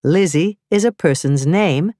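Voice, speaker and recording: A woman narrating a scripted grammar lesson, reading slowly and carefully with clearly spelled-out examples. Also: on the low side, warm tone, no echo, studio quality. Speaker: teacher.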